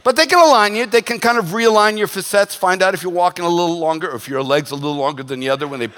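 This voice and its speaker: A man preaching to his congregation in a bright, forceful voice pitched a little high. He talks in an animated, joking way, breaking into quick voiced asides. A long reverb from the church hall hangs on every phrase. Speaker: pastor. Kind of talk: sermon.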